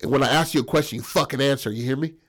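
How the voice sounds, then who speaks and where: A man's voice: mid-range voice, racing, a bit bright, close to an everyday voice. A man voicing an aggressive, volatile male lion tamer in an improvised comic story, barking threats. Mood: menacing.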